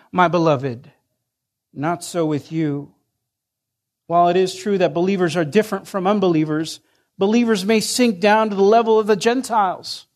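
A man preaching a sermon in an earnest way, rising in force and then sinking to hushed lines. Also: high-pitched. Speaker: pastor.

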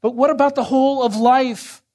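A man preaching a sermon in an earnest way, rising in force and then sinking to hushed lines. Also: very high voice, fairly even intonation, normal speed. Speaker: pastor.

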